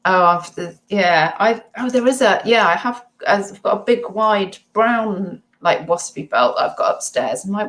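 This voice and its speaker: A woman's voice: medium pitch, moderate pace, a bit bright, rough recording. A woman vlogger chatting casually and rambling about her resale items, with giggly asides. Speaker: eBay reseller vlogger. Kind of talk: casual chat to viewers.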